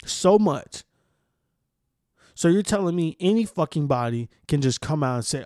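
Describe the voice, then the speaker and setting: A man's voice: on the high side, very animated, measured pace, long pauses, warm tone, no echo, clean studio sound. A young man hosting a solo podcast, reading news aloud and then ranting about it with heavy profanity. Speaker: podcast host.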